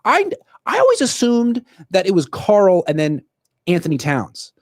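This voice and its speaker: A young man hosting a solo sports show, ranting in animated, quick bursts. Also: high voice, dry recording, studio quality. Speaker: sports podcast host. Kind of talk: solo livestream commentary.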